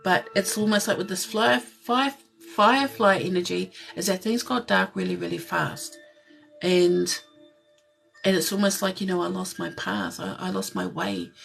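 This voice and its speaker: A woman giving a live tarot reading in a soft, gentle way, pausing often and sometimes tearful. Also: medium pitch, vocal fry, faint music behind. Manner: emotional, tearful at times. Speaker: tarot reader.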